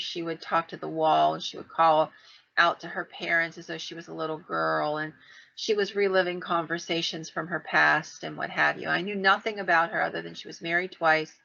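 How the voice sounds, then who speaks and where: A middle-aged woman co-hosting a podcast tells a long, winding ghost story in a chatty way, acting out the lines she quotes. Her voice is low-pitched, creaky, bright and forceful, and the podcast audio sounds dull and lo-fi.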